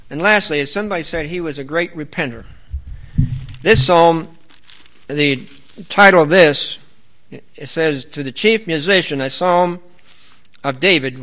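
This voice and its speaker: Bright-voiced man preaching a rambling sermon. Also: fairly high pitch. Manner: earnest, rambling with fillers and restarts, reads scripture aloud.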